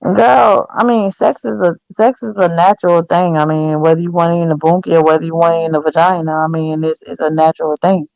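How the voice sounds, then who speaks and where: A woman's voice: lowish voice, steady tone, fairly quick, creaky, few pauses, darkish tone, dry recording, poor audio. A woman with a Geechee accent, chatting boldly and teasing. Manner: bold, teasing, explains with flair. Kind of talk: casual chat.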